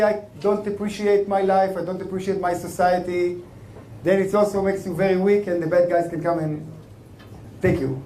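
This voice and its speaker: High-voiced host in an echoey hall. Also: male voice, warm tone, slight background noise. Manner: halting, with many fillers. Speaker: event host. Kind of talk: introducing a speaker. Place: event hall.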